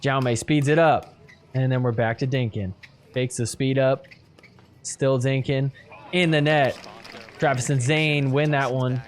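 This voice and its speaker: A man hosting a podcast, casually talking through match replays play by play and getting excited at big points. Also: mid-range voice, measured pace, pauses often. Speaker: podcast host recapping matches. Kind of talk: play-by-play video recap commentary.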